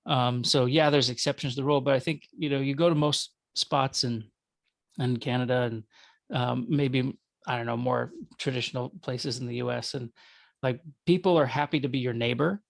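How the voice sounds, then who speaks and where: A man's voice: medium pitch, steady tone, moderate pace, gravelly, dry recording. A man with a Minnesota accent, a guest talking casually, rambling with self-corrections and jokes. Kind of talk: conversational interview.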